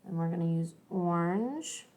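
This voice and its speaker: A woman's voice: on the low side, expressive, unhurried, warm tone. A young adult woman teaching an art lesson, chatty and encouraging, thinking aloud as she draws and colors. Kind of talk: classroom art lesson video.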